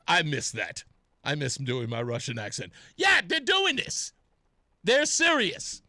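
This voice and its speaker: Male talk radio host, high and lively pitch, slow, sarcastic and indignant. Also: no room sound, clean studio sound, soft background music. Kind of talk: political talk radio commentary.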